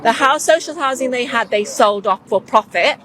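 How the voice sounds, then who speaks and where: A woman's voice: fairly high pitch, normal speed, fairly bright tone, rough recording. A woman arguing firmly and emphatically, rebutting points in a street debate. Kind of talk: argumentative debate.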